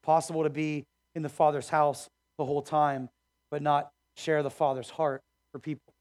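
Male pastor, sermon, high voice, emphatic, conversational, church auditorium. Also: level tone, normal speed, a little mellow.

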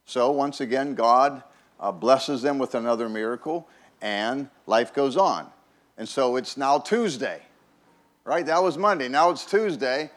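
A man preaching a conversational sermon as a pastor, folksy and chatty, often repeating words and checking in with "right?". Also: mid-range voice.

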